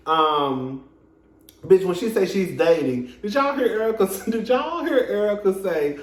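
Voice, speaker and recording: Brief: male reviewer, sassy and salty, fairly high voice, roomy echo. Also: lively intonation, a little slow. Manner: sassy, profane and laughing. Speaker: reality TV reviewer. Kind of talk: casual commentary. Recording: echoey room.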